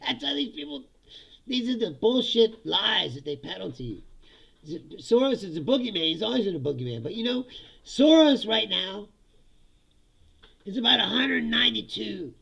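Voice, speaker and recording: A man hosting a casual political rant, sarcastic and laughing often, swearing and mocking his opponents in put-on high voices. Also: animated, moderate pace, vocal fry, pauses often, fairly bright tone, breathy edge. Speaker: political commentary host.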